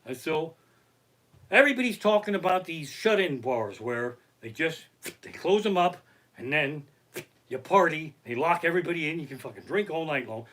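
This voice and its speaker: Brief: high, bright-voiced man doing stand-up stories at home, swearing freely, very animated. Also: moderate pace, slight background noise. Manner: profane, animated anecdotes. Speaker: comedian. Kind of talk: stand-up storytelling on a live stream. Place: his living room. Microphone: basic home setup.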